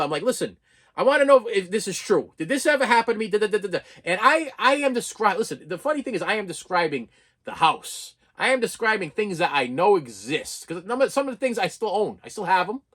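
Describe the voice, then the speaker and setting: A vlogger in his fifties, his voice high and fairly bright, delivers a raw, emotional personal rant to camera. He keeps stammering, restarting, and repeating phrases.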